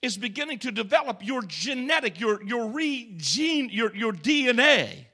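A male pastor delivering an emphatic call-and-response sermon in a church, swinging from shouts to hushed tones. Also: very high-pitched, animated, normal speed, slightly rough. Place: church sanctuary.

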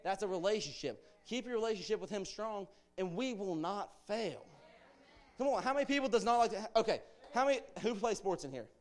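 A man's voice: high voice, expressive, fairly quick. A young man giving an informal, earnest church sermon as a guest speaker, urging his listeners on with conversational asides.

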